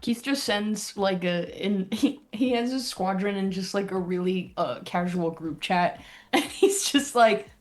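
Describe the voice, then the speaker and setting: A woman's voice: mid-range voice, a little slow, faint music behind. A woman playing a tabletop game, talking in a playful, giggly way. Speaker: player. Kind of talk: casual tabletop play.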